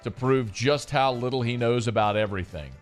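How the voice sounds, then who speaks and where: A man's voice: medium pitch, brisk, soft background music. A man hosting a sports radio show, teasing his co-host with trivia and reading ads. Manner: teasing, playful quizmaster. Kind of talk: sports radio chat and live ad reads.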